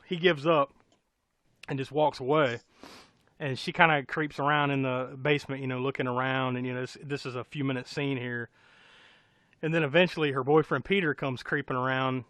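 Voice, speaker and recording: A man's voice: medium pitch, fairly bright tone, no room sound. An American man casually recapping a horror film on a podcast, rambling and laughing, with a profane storytelling manner. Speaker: podcast co-host.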